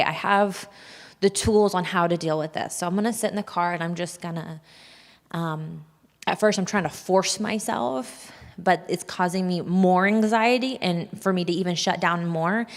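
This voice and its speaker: Candid woman speaking in a reverberant hall. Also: lowish voice. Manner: open, confessional, breaks into nervous laughs. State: shaky and nervous. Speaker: speaker sharing a personal testimony. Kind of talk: candid personal talk to an audience. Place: large hall at a church event.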